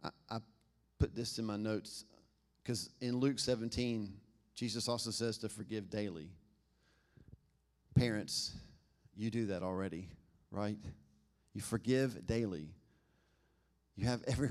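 A man's voice: on the low side, fairly even intonation, a little slow, long pauses, darkish tone. Male pastor, conversational sermon delivery, engages the room with questions. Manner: conversational, asks the congregation questions.

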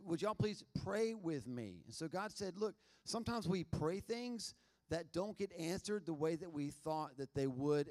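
Pastor, male, slightly higher voice, animated sermon delivery that swings loud and soft. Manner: animated preaching, shifting from loud emphasis to soft asides.

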